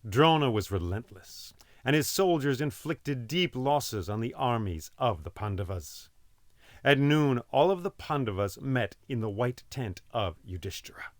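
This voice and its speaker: Expressive male storyteller. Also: mid-range voice, measured pace, no room sound, clean studio sound. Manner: expressive and dramatic. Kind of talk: oral storytelling.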